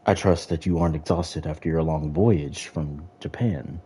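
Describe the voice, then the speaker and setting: A man voicing a stern older British chief judge, making his voice deep and speaking slowly and formally. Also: mellow, husky, exaggerated voice. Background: game music.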